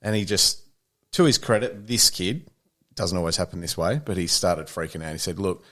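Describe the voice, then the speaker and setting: Bloke, thirties, podcast co-host, storytelling with a lowish voice. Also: male voice, moderate pace. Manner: animated anecdote teller, mate-ish banter. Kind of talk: casual chat, storytelling.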